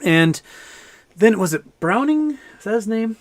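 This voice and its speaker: A man's voice: sits high, big pitch swings, a little slow. A man hosting a casual livestream, talking in a loose, rambling way with frequent fillers and restarts. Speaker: livestream host.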